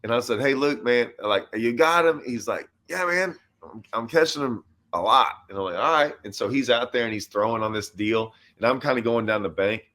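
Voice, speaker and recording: A man hosting a casual chat as a pro bass angler, telling a long story and acting out quoted lines with animated voices. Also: fairly quick, few pauses. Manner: animated storyteller who acts out his own and others' quoted lines. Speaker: host and professional bass angler.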